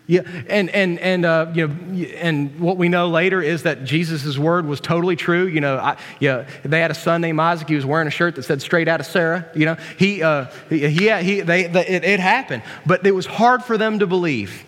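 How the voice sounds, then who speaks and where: A man with a notably high voice delivers a casual, joking sermon in a folksy way, full of asides and restarts. His voice rings out with a long reverb in a church hall. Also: moderate pace, fairly bright tone. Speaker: preacher.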